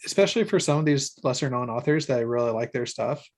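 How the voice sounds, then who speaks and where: A man's voice: mid-range voice, expressive, quick pace. A man co-hosting a book podcast, hedging his opinions in casual chat. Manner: hesitant, qualifies his opinions. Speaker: podcast co-host.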